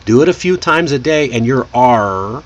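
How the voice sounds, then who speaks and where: A man hosting a live online English lesson, modeling sounds slowly and deliberately. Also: medium pitch, expressive, lo-fi sound. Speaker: English teacher and show host.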